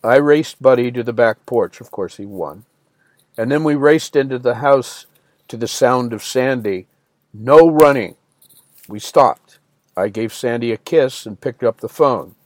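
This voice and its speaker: A man's voice: medium pitch, measured pace, dry recording. A man reading a first-person story as an audiobook narrator, in a plain storytelling manner that lifts slightly for quoted lines.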